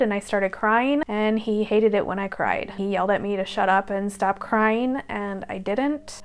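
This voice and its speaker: A woman in her thirties telling a personal story on her vlog in a candid, earnest way, with the odd sigh. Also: medium pitch. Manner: candid, earnest recounting with sighs. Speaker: vlogger.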